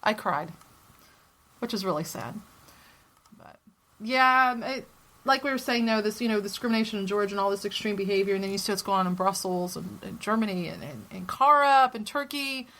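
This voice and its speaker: A woman co-hosting a casual podcast, talking in a heated, profane, opinionated way and swinging her pitch up to stress points. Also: brisk, a bit bright. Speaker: podcast co-host.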